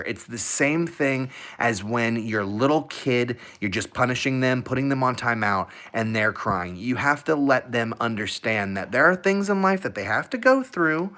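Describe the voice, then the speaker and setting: A young man hosting a husky channel, giving earnest, emphatic advice in a casual live Q&A with viewers and repeating himself for stress. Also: medium pitch, a bit bright.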